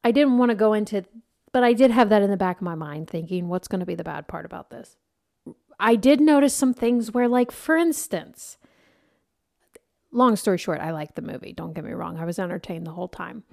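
A woman co-hosting a casual movie review chat, chatty and quick to giggle, steering the talk with questions. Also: mid-range voice, expressive, a little mellow. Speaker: podcast co-host.

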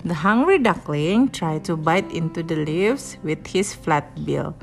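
A woman reading a children's story aloud to a little listener, slow and expressive, stopping to explain. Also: low-pitched, vocal fry, soft background music. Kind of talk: children's story read-aloud with asides in Indonesian.

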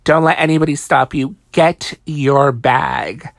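A young woman with a gravelly, fry-heavy voice chats through a reality TV recap late at night, tired but sassy. She swears freely and fills every pause with "like". The sound is close and dry. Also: deep voice, no echo. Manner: chatty, profane, heavy use of "like", sassy asides. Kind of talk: casual gossipy recap.

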